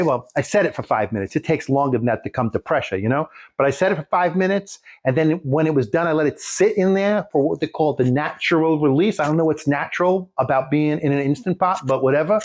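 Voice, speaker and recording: A man's voice: a little high, darkish tone. A man casually showing a recipe in his home kitchen, rambling with folksy jokes and asides. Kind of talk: casual cooking demonstration.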